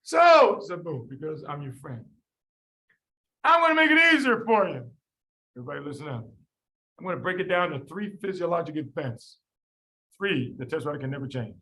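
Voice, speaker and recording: A man tutoring medical students in a lively class, quizzing them by name and repeating the key points. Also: fairly high pitch, rough recording. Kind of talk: lively classroom teaching with drills.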